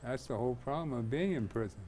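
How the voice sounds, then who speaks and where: A man hosting an interview, relaxed and chatty, talking with easy laughter. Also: medium pitch, fast talker, a little hiss or hum. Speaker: host. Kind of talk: casual interview chat.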